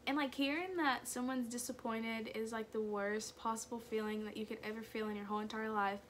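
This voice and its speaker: Chatty young woman telling her story, lots of likes, kinda high voice. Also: brisk, a little hiss or hum. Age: young adult. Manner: chatty, animated, many "like"s. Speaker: vlogger. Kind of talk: personal storytelling.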